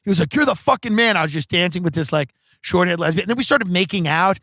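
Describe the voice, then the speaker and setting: A man's voice: high voice, quick pace, fairly bright tone, no room sound, clean studio sound. A man hosting a podcast, telling comic stories in a casual, profane, rambling way full of "like". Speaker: podcast host. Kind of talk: comedic storytelling.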